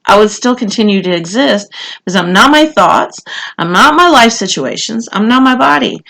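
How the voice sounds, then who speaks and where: A woman's voice: a little high, lively intonation, normal speed, gravelly, a bit bright. A woman giving a casual, conversational tarot reading, talking with frequent fillers and asides. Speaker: tarot reader.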